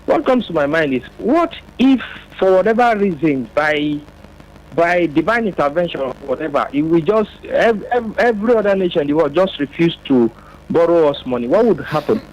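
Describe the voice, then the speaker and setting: A man's voice: a little high, expressive, moderate pace, a little hiss or hum, poor audio. A man from Nigeria calling in to a radio talk show, talking at length with restarts and fillers. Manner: talkative, with restarts. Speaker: caller. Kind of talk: phone-in call.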